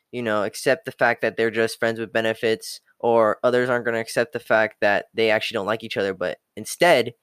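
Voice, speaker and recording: A man's voice: medium pitch, a bit bright, no echo, clean studio sound. Blunt profane young man ranting. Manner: blunt, swearing, repeats "okay" and "hard truth". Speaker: self-improvement talker. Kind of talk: profane motivational rant.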